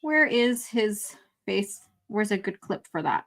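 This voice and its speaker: A woman's voice: mid-range voice, sing-song, slow, a bit bright. A woman live-streaming a fan film review, talking casually, laughing and swearing often.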